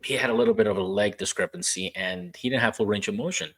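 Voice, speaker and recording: A man's voice: lowish voice, lively intonation, fast. A man hosting a podcast interview, chatting casually and telling stories from his years as a rehab therapist, acting out the dialogue as he goes. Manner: storytelling, acting out quoted dialogue. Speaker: podcast host.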